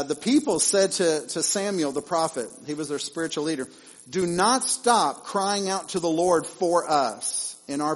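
Male pastor, slightly high voice, conversational sermon with lively repetition. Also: low-quality recording. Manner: conversational preaching with animated asides and repeated phrases.

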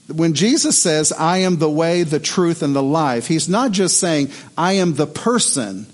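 A middle-aged male pastor preaching with a fairly high voice. He tells stories in an animated, lively way, with his voice climbing as he gets worked up. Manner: animated storytelling, voice rising in excitement. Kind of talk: sermon.

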